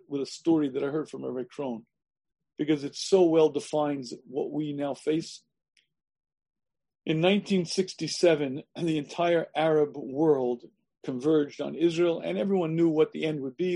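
A man lecturing as a rabbi, emphatic, repeating his phrases and often clearing his throat, on a video call. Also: a little high, mellow. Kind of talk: sermon-style lecture.

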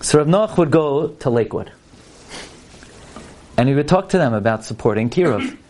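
A man's voice: mid-range voice, animated, normal speed, darkish tone, slight background noise. A man giving a sermon-style talk with stories at a fundraising parlor meeting. He speaks emphatically and works Hebrew and Yiddish terms into his storytelling.

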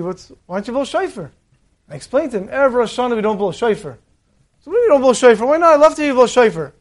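Man, high-pitched, animated storytelling, Torah talk. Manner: animated storytelling, acts out the voices in the stories.

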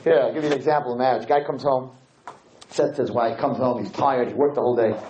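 A man's voice: medium pitch, steady tone, fast talker, dark tone. A man giving a lecture to a live audience, rhetorical and playful, acting out little scenes as he goes. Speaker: Torah lecturer. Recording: dull lo-fi lecture recording with faint hiss.

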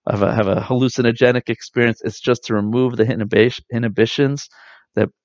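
A man, likely in his thirties, giving an earnest, reflective spiritual talk with soft pauses. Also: medium pitch, steady tone, dry recording. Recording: dull dry lo-fi sound.

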